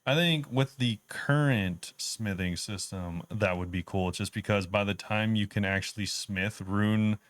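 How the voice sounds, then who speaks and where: A man's voice: on the low side, measured pace, few pauses, a bit bright, dry recording. A man co-hosting a casual gaming podcast, explaining game updates in an easygoing, detailed way. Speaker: podcast co-host.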